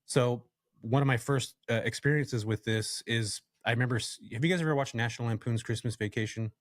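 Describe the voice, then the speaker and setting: A man from California, a podcast guest, telling a story from his working life in a casual, animated way and addressing the listeners directly. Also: mid-range voice, fairly quick, no room sound, studio quality. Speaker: podcast guest, real estate investor.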